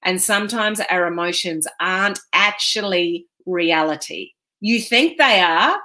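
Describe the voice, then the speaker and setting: Bright, chatty woman hosting a live stream. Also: fairly low pitch, a little slow. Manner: chatty and rambling, with frequent ums. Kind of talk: casual live-stream chat.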